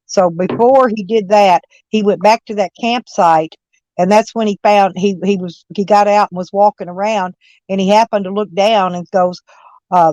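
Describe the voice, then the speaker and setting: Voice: mid-range voice, steady tone, moderate pace, darkish tone, dry recording. A person telling a story in casual livestream chat, rambling and stumbling over restarts.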